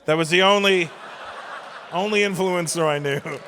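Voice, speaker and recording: A man in his fifties doing stand-up comedy, ranting and exasperated with salty language. His voice sits a little high for a man, and a long hall reverb trails after each line from the stage mic. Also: normal speed, a crowd in the background, noisy background. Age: 50s. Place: large live venue.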